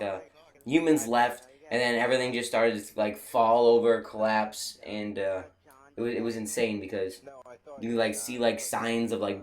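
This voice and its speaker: Rambling young man telling a travel story. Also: on the low side. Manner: rambling, many fillers and restarts; laughs at his own stories. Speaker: video creator. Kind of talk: casual storytelling.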